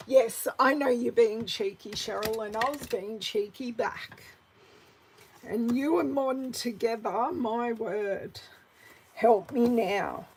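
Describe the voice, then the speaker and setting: Slow, gravelly Australian woman crafter. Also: a little high, slight background noise, low-quality recording. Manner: chatty, reads out viewer comments by name; mutters softly to herself while working. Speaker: craft demonstrator. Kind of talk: live card-making class.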